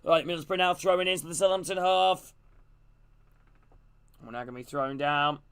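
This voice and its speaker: A man streaming a live football watch-along, calling the play and greeting his chat in a casual, excitable way. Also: on the high side, moderate pace, clear, resonant tone. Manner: casual, greets chat between plays, gets loud and excited on attacks.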